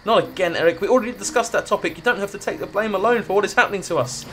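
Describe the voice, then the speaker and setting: Man putting on a gentle game woman, pitched a bit above his own voice, reassuring a guilt-ridden man. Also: very fast, soft background music. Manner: reads game dialogue aloud in a raised voice.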